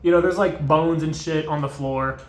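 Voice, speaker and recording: A man's voice: on the high side, fairly even intonation, moderate pace, echoey room. A man casually recapping a movie in a rambling, profane way, with many fillers. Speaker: video host.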